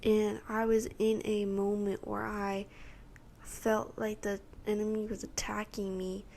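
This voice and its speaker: Vocal fry runs through the mid-range, level voice of a teenage girl from Texas, USA, who speaks at a measured pace with a slightly mellow tone. As a podcast host, she rambles through a personal testimony and performs her own and other people's lines, with slight background noise present.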